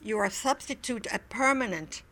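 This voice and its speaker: An older woman, an interview guest, recounting memories in a reflective, halting way. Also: a little high, lively intonation, bright, forceful tone. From Wilmington, Delaware, US. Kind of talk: oral history recollection.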